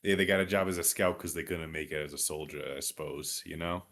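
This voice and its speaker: A man's voice: a bass voice, a little fast, a bit bright. A man playing in a tabletop game, talking in character with many uhs and repeated starts. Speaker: player.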